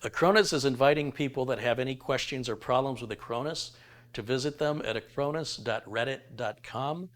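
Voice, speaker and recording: Reading out viewer donations and messages, this middle-aged tech streamer keeps things chatty and laughs easily. His voice is medium-pitched with a fairly bright tone, and he talks a little fast.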